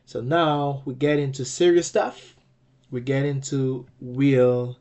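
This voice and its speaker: A man's voice: medium pitch, darkish tone. A man teaching a language lesson, explaining patiently, repeating key points and checking in with "okay?" as he goes.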